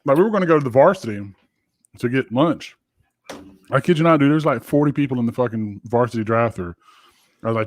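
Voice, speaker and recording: A man co-hosts a podcast in casual chat, spinning a long, profane story packed with fillers and restarts. His voice sits at an average pitch for a man. The recording is close and dry, with no room sound. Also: fast talker, long pauses, dry recording. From Georgia, US. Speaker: podcast co-host.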